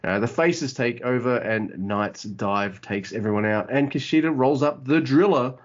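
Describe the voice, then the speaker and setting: A man with an average-pitched voice recaps a match for a podcast, casual and full of uhs and likes. He curses cheerfully when something impresses him. The sound is dull and lo-fi. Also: moderate pace. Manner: enthusiastic, filler-heavy, swears casually. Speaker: podcast co-host.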